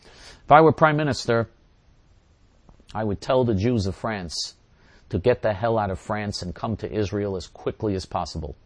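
Low-voiced emphatic man, dry close sound. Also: normal speed, long pauses, dry recording. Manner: emphatic, repeats phrases and restarts often. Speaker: show host answering listener questions. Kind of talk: casual monologue answering questions.

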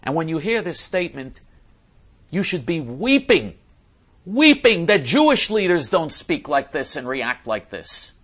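A man giving a political commentary monologue, emphatic and repetitive, who often clears his throat. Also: fairly high pitch, fairly bright tone.

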